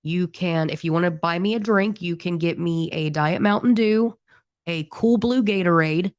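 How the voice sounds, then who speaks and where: Chatty woman in her thirties, lowish voice. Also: normal speed, no room sound, studio quality. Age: 30s. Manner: chatty, rambling, friendly. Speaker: band singer and podcast co-host. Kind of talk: casual podcast chat.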